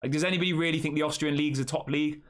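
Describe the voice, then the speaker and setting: A man's voice: fairly high pitch, steady tone, very fast. A young man hosting a casual live stream, chatting and reading out viewer comments before answering them. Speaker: fan channel host.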